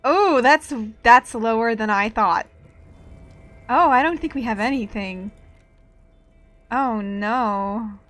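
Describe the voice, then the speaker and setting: A woman streaming a video game, reacting with excitable, swear-filled casual commentary. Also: fairly high pitch, slow, long pauses, soft background music.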